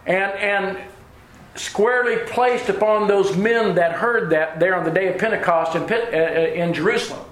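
A man's voice: high-pitched, normal speed, fairly bright tone. A man preaching a sermon, telling homespun stories and chuckling as he goes. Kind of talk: sermon with folksy storytelling. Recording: roomy hall with faint ambience.

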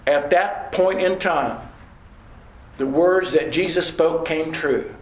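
A male preacher with a high voice hammers his points home through deliberate repetition. His sermon echoes through a church room.

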